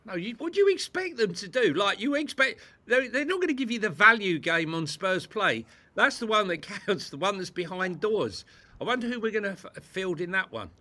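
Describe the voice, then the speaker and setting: A high-pitched man with a bright, forceful voice, co-hosting a casual fan chat. He sounds incredulous and sarcastic, breaking into laughter between his complaints. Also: very animated, normal speed. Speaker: co-host.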